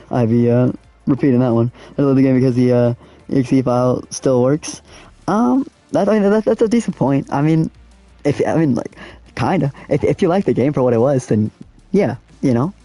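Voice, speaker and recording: A man's voice: medium pitch, moderate pace, warm tone, dry recording, faint music behind. Laid-back young man streaming a racing game. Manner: laid-back slangy, chats with viewers while racing. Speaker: gaming streamer. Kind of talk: casual live-stream commentary.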